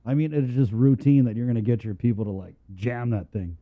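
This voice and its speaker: A man's voice: medium pitch, brisk, narrow, tinny audio. A man co-hosting a morning radio show, chatting and joking in a loose, rambling way. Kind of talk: casual morning show banter.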